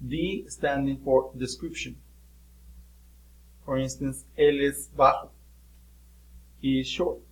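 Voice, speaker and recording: In this classroom recording, a male Spanish teacher explains things patiently, mixing English and Spanish and using the odd filler. He talks slowly with long pauses, his mid-range voice fairly even in intonation, and the audio is poor.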